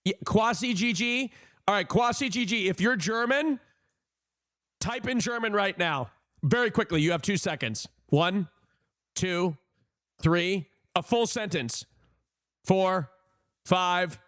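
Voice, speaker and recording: Animated high-voiced man streaming. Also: slow pace, long pauses, no echo, studio quality. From United States. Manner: animated, opinionated, talks to chat. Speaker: livestreamer. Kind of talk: casual chat with viewers.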